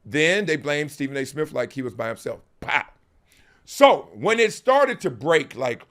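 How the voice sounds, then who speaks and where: A man's voice: high-pitched, very animated, a little fast, a bit bright. A middle-aged man hosting a talk show, talking emphatically in slangy speech, laughing often and mocking others in put-on quotes. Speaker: host. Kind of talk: animated talk-show monologue.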